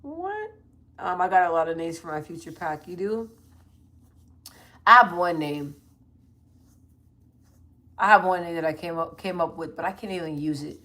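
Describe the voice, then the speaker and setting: A woman in her thirties chatting loosely to her livestream viewers on her phone, slangy and full of quick asides. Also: fairly low pitch, animated, bright, forceful tone. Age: 30s. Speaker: livestream host. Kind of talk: casual livestream chat reading comments.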